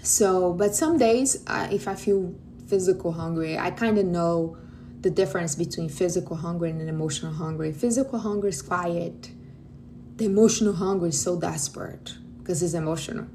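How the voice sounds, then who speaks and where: A woman's voice: lowish voice, moderate pace, warm tone, a little hiss or hum. A woman from Brazil with a Brazilian accent, hosting a livestream and giving blunt, outspoken advice to her viewers, calling them honey. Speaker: livestream host. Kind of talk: casual direct advice to viewers.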